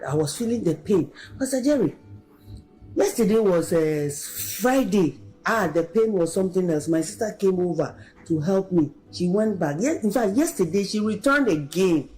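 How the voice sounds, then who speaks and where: Lady pouring out a church testimony, lowish voice, soft music under it. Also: moderate pace, poor audio. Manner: excited, keeps addressing the pastor by name. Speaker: testimony giver. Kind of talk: emotional recorded testimony.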